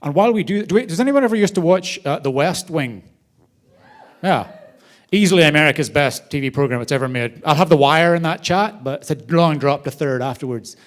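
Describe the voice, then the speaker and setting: Animated man speaking on stage. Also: fairly high pitch, a little fast. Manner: animated storyteller, varied loudness. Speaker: charity host. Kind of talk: live event speech. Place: large theater stage.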